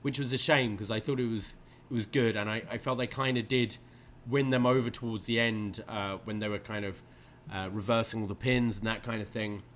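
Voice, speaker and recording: A man's voice: fairly low pitch, fairly even intonation, a little fast, fairly bright tone, slight background noise. A man co-hosting a podcast in casual chat, hesitant, often stammering and restarting before he laughs. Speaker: podcast co-host.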